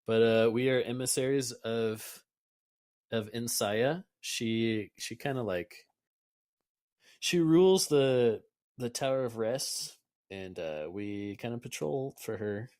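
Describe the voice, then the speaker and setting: A man voicing an excitable, chatty male angelic emissary in a tabletop game. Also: medium pitch, slow pace, close to an everyday voice. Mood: eager.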